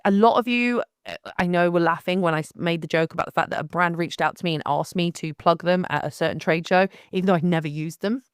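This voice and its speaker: Woman ranting on her podcast, blunt and lively, dry close mic. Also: lowish voice, clear, resonant tone, dry recording. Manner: blunt, animated, frequent restarts and laughs. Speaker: photographer hosting her own podcast. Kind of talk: casual monologue.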